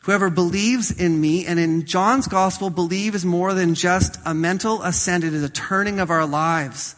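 A man preaching a sermon as pastor, swinging from loud to soft and slowing down on key phrases. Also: sits high, long reverb tail.

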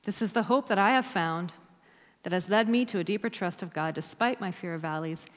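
A woman's voice: lowish voice, fairly quick. A woman preaching a sermon to a church, emphatic and dropping to near-whispers on key words. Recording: long hall reverb.

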